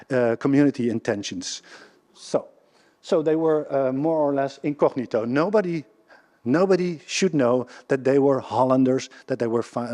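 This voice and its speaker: A man with a Dutch accent giving a public history lecture, speaking haltingly with many restarts and questions to the audience. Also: medium pitch, darkish tone. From Netherlands. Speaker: guest lecturer. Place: lecture hall before a live audience. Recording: reverberant lecture hall.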